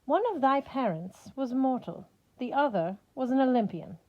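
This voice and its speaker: A woman voicing a stern young huntress who speaks slowly in an archaic, formal way. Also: high-pitched, animated, lo-fi sound, voice pushed up. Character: stern young huntress, old-fashioned speech.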